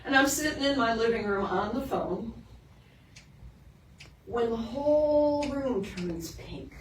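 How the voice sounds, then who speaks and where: A middle-aged woman minister tells a story from the pulpit at an unhurried pace, lively in the telling and hushed and earnest as she drives her lesson home. Her voice comes from a distance in a roomy sanctuary, with steady background noise under it. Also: fairly high pitch. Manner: lively storytelling, shifts into soft earnest emphasis. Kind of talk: storytelling sermon. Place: sanctuary of a spiritual center.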